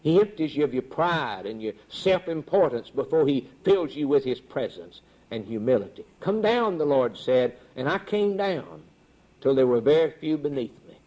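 A man preaching a sermon with a rhythmic, repetitive cadence and sudden swings in pitch. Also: animated, moderate pace, hardly any pauses, dark tone. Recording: dull lo-fi recording.

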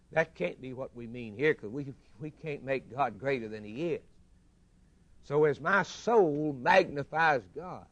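Preaching man, rising and hushed by turns. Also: no room sound. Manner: preaching with swelling rises and hushed low drops. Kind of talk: sermon.

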